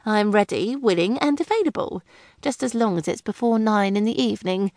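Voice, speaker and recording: A woman's voice: lively intonation, a little fast, no echo, studio quality, close to an everyday voice. A woman voicing a blunt, worn-out young mother, talking belligerently. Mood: grumbling. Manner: belligerent, teasing, high and loud.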